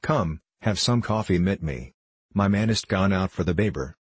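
A man's voice: low voice, expressive, normal speed, slightly rough, dry recording. A man reading a stout, kindly woman of about fifty, speaking broken English. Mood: consoling.

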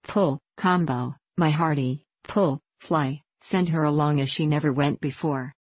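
A woman voicing a kindly, hearty old male sailor who talks in a slow, earnest seaman's way in a storybook reading. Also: low-pitched, husky, dry recording. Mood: hearty, urging.

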